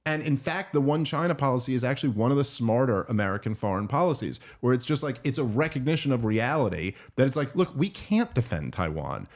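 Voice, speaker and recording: A man's voice: medium pitch, fast, few pauses. Opinionated man talking politics casually. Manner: animated, opinionated, restarts often. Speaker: podcast host.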